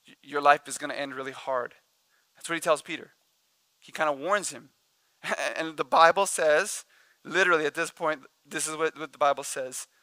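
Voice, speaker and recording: A pastor preaching a sermon, telling stories with humor and acting out the people in them. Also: male voice, on the high side, clean tone, dry recording. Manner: animated, jokey storytelling with laughs and acted-out quotes. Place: church.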